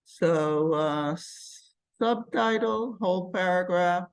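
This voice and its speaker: A woman teaching a computer class, walking students through software step by step and thinking aloud as she clicks. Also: fairly low pitch, takes it slowly, clear, resonant tone. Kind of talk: live classroom software demonstration.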